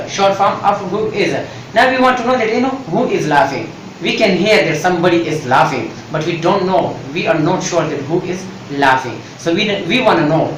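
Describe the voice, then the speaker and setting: A Pakistani man teaching English grammar, switching into Urdu and repeating each point with "right?" and "you know". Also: high-pitched. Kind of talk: bilingual grammar lesson. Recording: echoey room, mic far off, faint noise.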